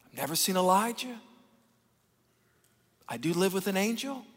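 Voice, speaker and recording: A man preaching a sermon as pastor, animated and folksy, acting out the people he talks about. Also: sits high, normal speed, slight background noise. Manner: animated, folksy, acts out Bible characters. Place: large church hall. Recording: long reverb of a church hall.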